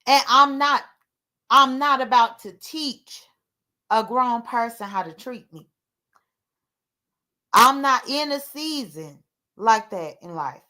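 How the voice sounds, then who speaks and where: A woman's voice: a little high, slow pace, pauses often, pushed and bright. A woman, talking candidly and emotionally to her livestream viewers in a rambling way. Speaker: livestream host. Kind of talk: casual livestream talk.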